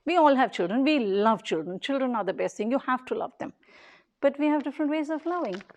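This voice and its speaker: High-voiced woman giving an earnest talk. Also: animated, brisk, a little mellow. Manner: earnest, emphatic, short repeated phrases. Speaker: daycare leader. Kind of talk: public talk.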